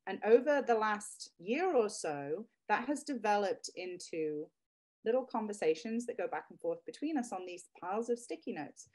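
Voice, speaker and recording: This product creator, in her thirties, is interviewed as a guest and becomes tearful at times as she speaks warmly about her children. Her voice has a medium pitch and a darkish tone.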